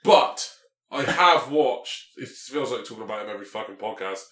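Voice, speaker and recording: A man in his late twenties co-hosting a casual podcast, rambling and swearing, his voice dropping low at the ends of thoughts. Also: expressive, normal speed. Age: 20s. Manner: sweary, rambling, trails off quietly. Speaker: podcast co-host. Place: small studio room. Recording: echoey studio room.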